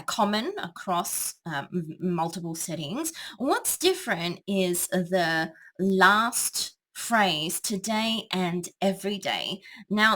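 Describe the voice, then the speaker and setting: A woman's voice: lowish voice, a bit bright. A woman tutor explaining a speech to students in a thoughtful, hesitant way. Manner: thoughtful, hesitant with many ums. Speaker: English tutor.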